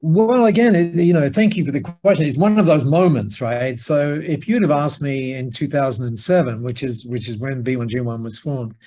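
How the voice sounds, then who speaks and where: An Australian man, a podcast guest, telling a story in an animated way and chuckling often. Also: medium pitch, moderate pace, few pauses.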